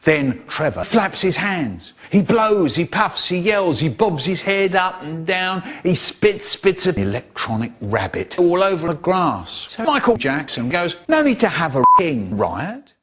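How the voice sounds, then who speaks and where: A man telling comic stories in an animated, exaggerated way, with sudden leaps in pitch. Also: a little slow, few pauses. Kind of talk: spliced comic storytelling.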